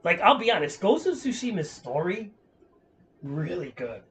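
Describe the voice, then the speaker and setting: A man's voice: high-pitched, very animated, normal speed, a bit bright, faint music behind. A man streaming a game, chatting in a casual, rambling way, swearing freely and filling with "like". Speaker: gaming streamer.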